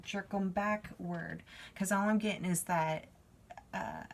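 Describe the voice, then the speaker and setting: A woman's voice: mid-range voice, very animated, slow pace. A woman giving a spiritual card reading, talking to the viewer in a chatty, reassuring way. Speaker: tarot reader.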